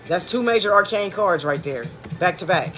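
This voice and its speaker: A man gives a casual, chatty tarot reading. He talks in a loose, easygoing way and drops into soft, murmured blessings. Light music plays faintly behind him. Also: high-pitched, lively intonation, moderate pace. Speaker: tarot card reader.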